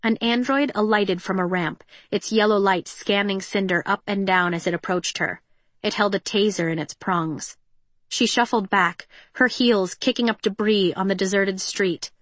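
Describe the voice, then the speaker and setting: A woman reading an audiobook in a measured, tense and expressive way. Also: medium pitch, no echo. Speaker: narrator. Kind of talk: audiobook narration.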